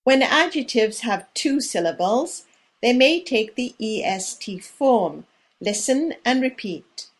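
A woman teacher reading a scripted grammar drill, enunciating carefully with pauses for the listener to repeat. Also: fairly high pitch, animated. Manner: slow, measured, carefully enunciated with pauses for repetition. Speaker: language teacher.

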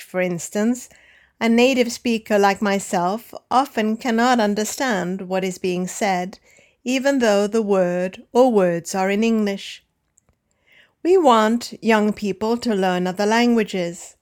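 A woman teaching English pronunciation in a scripted lesson, enunciating slowly and carefully. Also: mid-range voice. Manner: slow, careful, deliberate enunciation.

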